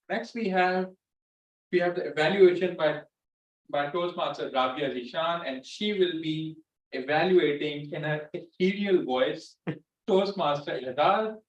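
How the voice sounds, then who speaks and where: Man, slightly high voice, brief formal host, echoey, far off, dull sound. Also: measured pace. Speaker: meeting host. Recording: echoey, distant, dull laptop audio.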